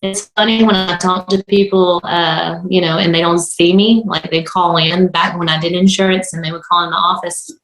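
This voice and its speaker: A woman's voice: fairly low pitch, flat delivery, normal speed, hardly any pauses, a bit bright, faint music behind. A woman with a heavy Southern accent, co-hosting a podcast and telling stories between frequent laughs. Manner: laughs often, chatty storyteller. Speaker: podcast co-host. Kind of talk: casual chat. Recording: roomy echo.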